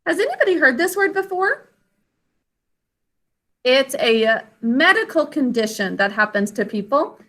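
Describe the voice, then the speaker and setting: High bright-voiced woman teaching spelling. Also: big pitch swings. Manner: patient, slow and careful over word sounds. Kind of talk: online spelling lesson for children. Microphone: video call.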